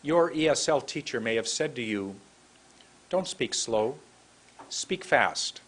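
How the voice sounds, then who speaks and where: A man teaching English pronunciation to camera, speaking in a drawn-out, emphatic way and demonstrating mouth positions. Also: mid-range voice, expressive, a bit bright, husky. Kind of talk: slow deliberate teaching to camera. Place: room with a computer and camera.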